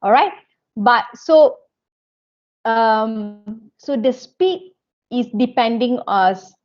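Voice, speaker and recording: A woman giving an online lecture, checking in with "okay" and "all right" all the time and often restarting her sentences. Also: fairly high pitch. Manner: non-native phrasing, frequent restarts. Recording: dull lo-fi audio.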